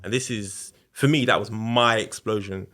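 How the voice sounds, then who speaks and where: A man's voice: on the low side, steady tone, normal speed, a bit bright. A man, telling a personal story in a candid, conversational way as a podcast guest. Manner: candid, conversational, re-enacts quotes. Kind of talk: casual storytelling interview.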